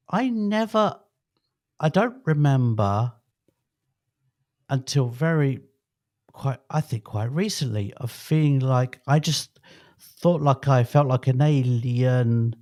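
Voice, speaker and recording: Slow and full of long pauses, this man in his fifties talks in a medium-pitched, expressive, slightly mellow voice. As a podcast co-host he keeps the chat casual, jokey and rambling, cutting himself off again and again.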